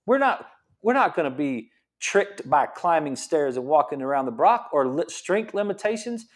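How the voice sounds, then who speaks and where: Fired-up man, high voice. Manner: excited, repeats himself, uses football coaching comparisons. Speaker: chiropractor and health coach. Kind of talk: fired-up motivational health talk. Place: his gym.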